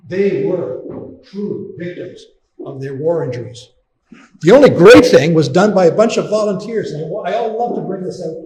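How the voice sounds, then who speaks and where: A man's voice: a little high, dark tone, far from the mic. Indignant man lecturing in an echoey hall. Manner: impassioned, indignant, emphatic repetition. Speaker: guest lecturer. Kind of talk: public lecture with slides.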